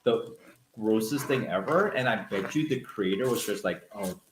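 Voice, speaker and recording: Playful animated man with an echoey sound. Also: fairly low pitch, normal speed, noisy background. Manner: playful and animated, jokes along. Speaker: co-host of a live cooking stream. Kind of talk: casual chat.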